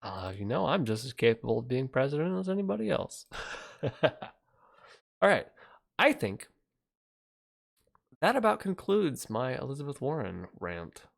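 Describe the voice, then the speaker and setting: A man's voice: mid-range voice, big pitch swings, normal speed, creaky, long pauses. A man ranting on a livestream, heated and profane, talking in a rambling way. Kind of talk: angry livestream rant.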